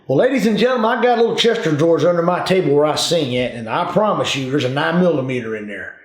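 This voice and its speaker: An older man, a retired police officer, tells folksy stories in casual talk, drawling and calling his listeners "folks." His voice is a little high, animated and fast. The room has an echo.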